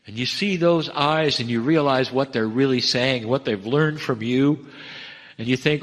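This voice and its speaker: A man delivering a channeled spiritual message, measured and earnest, addressing listeners as dear ones. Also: medium pitch, a bit bright. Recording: long reverb of a hall.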